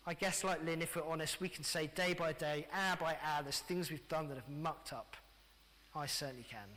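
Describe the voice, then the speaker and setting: Middle-aged english vicar, high bright voice, church reverb, preaching lively to kids and grown-ups. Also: male voice, normal speed. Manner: lively, addressing children directly. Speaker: pastor. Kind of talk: family sermon.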